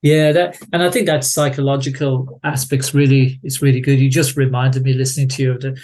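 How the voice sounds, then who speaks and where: A man with an Irish accent, a research guest on a podcast, who talks haltingly and repeats words as he thinks. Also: medium pitch, level tone, a little mellow. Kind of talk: conversational interview.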